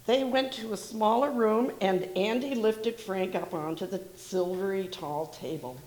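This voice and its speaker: A woman reading a picture book aloud to children in a room, expressive and lively, with asides to her listeners. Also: medium pitch, unhurried, rough recording.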